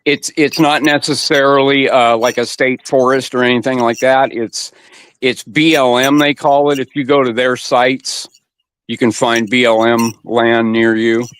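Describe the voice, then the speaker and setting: A man's voice: medium pitch, flat delivery, measured pace, a bit bright, clean tone. Easygoing man chatting as a stream guest. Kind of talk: casual livestream chat.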